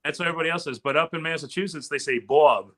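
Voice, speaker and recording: A man in a casual chat, telling stories in an animated way. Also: fairly high pitch, very fast, a crowd in the background.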